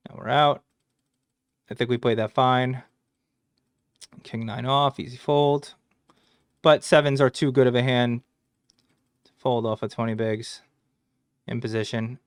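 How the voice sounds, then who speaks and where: A man's voice: medium pitch, steady tone, measured pace, long pauses, clean tone, no room sound, studio quality. A man casually reviewing his poker hands, joking crudely and swearing as he goes. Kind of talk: casual hand review commentary.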